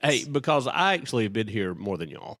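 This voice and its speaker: A man's voice: fairly low pitch, sing-song, brisk, a bit bright. A middle-aged man co-hosting a podcast in casual chat, wry and joking. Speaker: podcast co-host.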